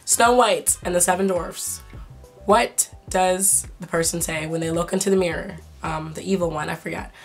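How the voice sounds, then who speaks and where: Excitable young woman vlogger with a sore throat. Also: lowish voice, normal speed, soft background music. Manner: excitable, swearing, laughing, incredulous. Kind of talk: casual chat to camera.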